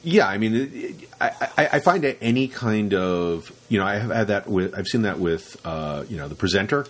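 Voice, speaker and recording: A man's voice: fairly low pitch, lively intonation, normal speed, a bit bright. A man hosting a casual podcast chat, rambling with many restarts and acting out what his students say. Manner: rambling, repeats words, acts out quoted students. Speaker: podcast host and rope teacher.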